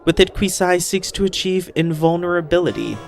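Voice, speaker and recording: A man's voice: high voice, lively intonation, brisk, creaky, faint music behind, voice pushed up. Man reading a ponderous living stone statue. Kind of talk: reading game dialogue aloud.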